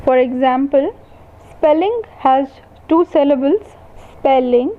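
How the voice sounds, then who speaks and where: A woman university lecturer giving a recorded lecture, slowly and deliberately defining terms one by one. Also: high voice, slight background noise. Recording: tinny phone-like sound.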